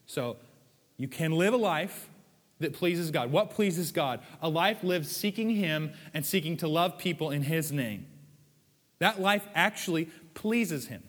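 A man's voice: fairly high pitch, long reverb tail. A man preaching a sermon in a conversational way, with playful acted asides. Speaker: pastor.

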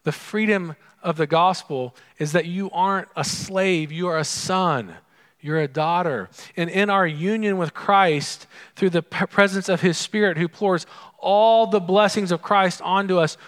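A man's voice: sits high, measured pace. A man preaching a recorded sermon alone in an empty room, earnest and conversational, with asides to his listeners. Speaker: pastor. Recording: long reverb of an empty room.

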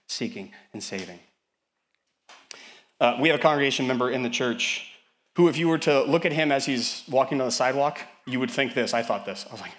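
A man's voice: mid-range voice, lively intonation, brisk. Impassioned pastor preaching a sermon, man. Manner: impassioned, swinging from loud calls to hushed tender passages.

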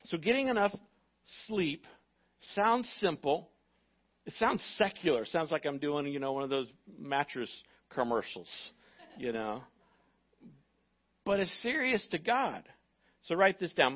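A man preaching as a pastor, animated and joking, acting out the excuses people make. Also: a little high, dull audio. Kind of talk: sermon.

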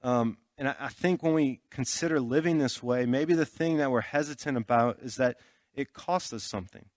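A man's voice: medium pitch, normal speed, dry recording, studio quality. A man giving a sermon through a personal story, talking loosely and conversationally with lots of fillers and check-ins. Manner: checks in with listeners often. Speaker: pastor.

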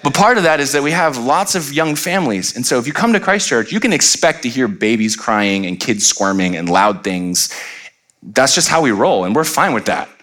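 A pastor in his late thirties preaches to his congregation, mixing comic family stories with his message. His voice sits at an ordinary middle pitch, and he often tosses jokes and asides to the room. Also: big pitch swings, normal speed, fairly bright tone. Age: 30s. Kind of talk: humorous sermon. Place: church sanctuary.

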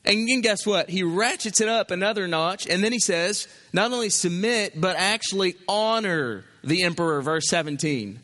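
Male pastor, sermon delivery, high bright voice, reverberant hall. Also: normal speed, few pauses. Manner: animated, acts out an imagined objector.

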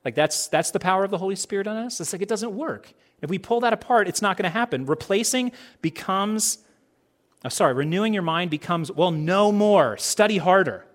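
A man's voice: high-pitched, lively intonation, brisk, fairly bright tone. A man preaching a sermon as a pastor in a casual, conversational way, asking many rhetorical questions and acting out bits of dialogue. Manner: conversational, acts out quoted dialogue.

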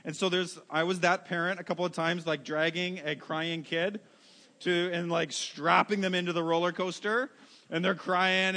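High-voiced emphatic preacher man. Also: level tone, moderate pace, pushed and bright. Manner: emphatic, repeats key words, self-mocking asides. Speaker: pastor. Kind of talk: sermon.

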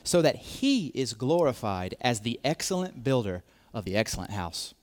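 A man's voice: medium pitch, sing-song, normal speed, darkish tone. A man preaching a sermon, repeating key phrases, swelling to emphatic peaks and dropping to near whispers. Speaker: pastor.

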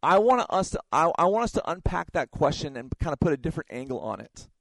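A man's voice: medium pitch, creaky, no room sound, poor audio. A man preaching a sermon, telling stories and often repeating his words as he goes. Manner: storytelling, stumbles and repeats words. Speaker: pastor.

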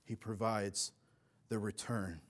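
A middle-aged man preaching a sermon as a pastor, earnest, building to emphatic peaks and dropping soft. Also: lowish voice, steady tone, takes it slowly.

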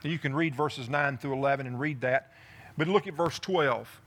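A man preaching a sermon to a church congregation, retelling a Bible story and speaking David's words in first person with animated delivery. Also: medium pitch, normal speed. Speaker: pastor.

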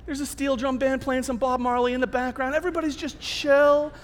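High-voiced animated preaching man. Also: brisk, big-room sound. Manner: animated storytelling, conversational. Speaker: pastor. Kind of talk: sermon.

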